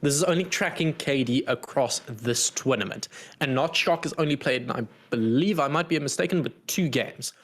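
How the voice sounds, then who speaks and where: A man's voice: medium pitch, moderate pace, few pauses, a bit bright. A man hosting a pre-match esports desk, upbeat and bantering with his co-host.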